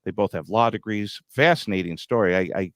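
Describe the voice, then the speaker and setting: A man's voice: on the low side, brisk, fairly bright tone, no echo, studio quality. A middle-aged man hosting a grain market show, talking bluntly with a teasing edge. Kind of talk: market commentary.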